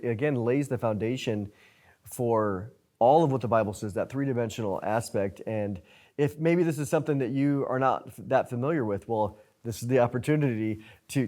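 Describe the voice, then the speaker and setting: A man's voice: medium pitch, darkish tone. A man hosting a talk show, explaining in an earnest, conversational way. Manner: earnest, explanatory, with frequent restarts. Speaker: host.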